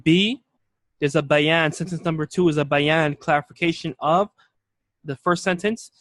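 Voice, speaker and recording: A man's voice: a little high, steady tone, normal speed, fairly bright tone, no room sound. A male teacher giving a classroom lecture, patient and explanatory, repeating key points and checking that students follow. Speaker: Arabic teacher.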